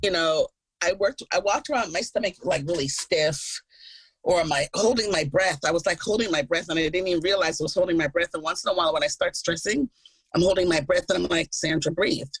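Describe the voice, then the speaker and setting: A woman co-hosting a podcast in casual chat, telling her stories with animated energy, acting out the people she quotes and laughing often. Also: lowish voice, fast, slightly rough, no echo, low-quality recording. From Jamaica. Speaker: podcast co-host.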